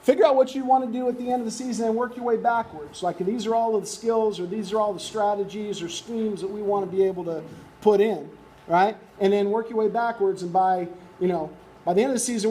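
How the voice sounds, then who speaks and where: High-voiced man running a coaching workshop. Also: steady tone, fairly quick, warm tone, slight background noise. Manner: conversational, keeps asking "right?". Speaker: youth baseball coaching instructor.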